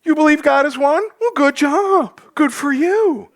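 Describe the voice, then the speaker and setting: A man's voice: very high-pitched, unhurried, pitched above the performer's own voice. A man voicing a blunt, sarcastic biblical apostle who sneers in mock congratulation.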